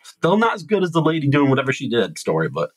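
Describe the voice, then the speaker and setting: A man from Massachusetts hosting a podcast, telling a long story in animated casual chat. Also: medium pitch, fast talker, husky, dry recording, poor audio. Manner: rambling animated storytelling with restarts.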